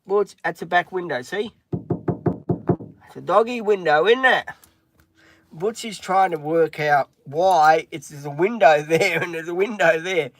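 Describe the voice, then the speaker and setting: A man's voice: fairly high pitch, moderate pace, few pauses, slight background noise. A middle-aged man chatting on a live stream from inside a van, rambling with lots of ums and breaking off to talk to his dog. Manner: rambling, with many filler ums. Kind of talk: casual live-stream chat.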